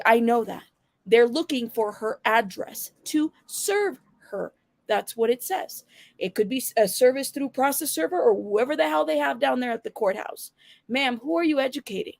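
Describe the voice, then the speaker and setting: A woman's voice: high-pitched, gravelly, no echo. Blunt, sassy woman host with a dry sound. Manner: blunt, sassy, addresses viewers directly. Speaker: channel host. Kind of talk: casual livestream commentary.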